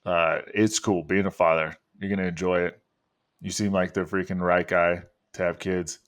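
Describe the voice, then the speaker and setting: A man hosting a podcast in casual conversation, excitable and swearing freely. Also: low-pitched, normal speed. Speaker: podcast host.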